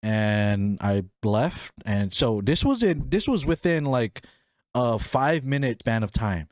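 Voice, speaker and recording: A man's voice: medium pitch, expressive, measured pace, dry recording, clean studio sound. A young man hosting a podcast and telling a family story in a casual way. He talks with animation and acts out the people in it, raising his voice for them. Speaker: podcast host.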